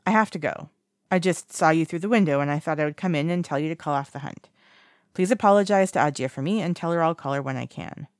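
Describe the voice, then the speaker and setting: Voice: medium pitch, fast, dry recording, clean studio sound, lightly acted. A reader voicing a coldly polite young man. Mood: cool, distant. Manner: evasive, coolly detached.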